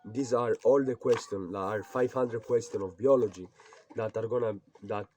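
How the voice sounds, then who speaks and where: This vlogger, a young man, delivers a frustrated personal rant to camera from his home in an old rural house, agitated, swearing a lot and going over the same points. He speaks at a normal speed in a fairly low, slightly mellow voice, with a little hiss or hum audible.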